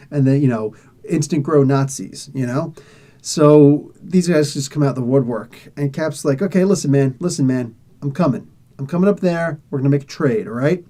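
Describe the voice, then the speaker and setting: A man's voice: medium pitch, warm tone. A man reviewing comics, casually retelling a story with laughs and acted-out quoted lines.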